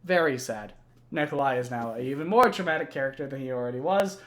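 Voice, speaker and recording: A man's voice: medium pitch, fast talker. A young man casually recounting video game lore, rambling and swearing, with plenty of fillers. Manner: rambling, profane, many fillers. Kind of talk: casual chat.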